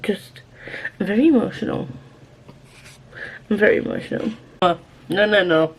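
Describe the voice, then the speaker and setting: A woman's voice: mid-range voice, moderate pace, gravelly, husky. A woman vlogging about a book she is reading, gushing and emotional, repeating herself and sometimes dropping to a whisper. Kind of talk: casual reading vlog.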